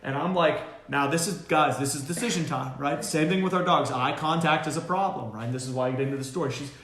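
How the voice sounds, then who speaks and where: Dude, dog trainer, animated storyteller, lots of ums, echoey kennel room. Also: male voice, on the high side, fast. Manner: animated storyteller, many fillers and restarts. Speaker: dog trainer and show host. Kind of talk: casual live Q&A chat.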